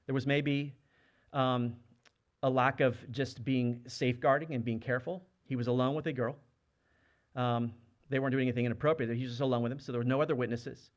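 A man's voice: mid-range voice, steady tone, fairly quick, highs cut off. A man in his thirties or younger preaching a sermon, earnest and conversational, often asking the congregation questions. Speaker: pastor.

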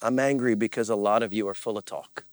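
A man's voice: fairly low pitch, steady tone, a little fast. A man preaching as a pastor, earnest and confessional, with repeated phrases and rising bursts of emphasis. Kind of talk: sermon.

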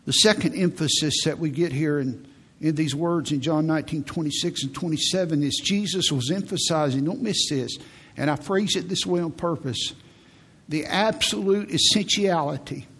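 A male pastor delivers a sermon in an emphatic, repetitive style. His voice sits a little high and has a husky edge. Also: a little slow, a bit bright. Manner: emphatic, repeats phrases for stress.

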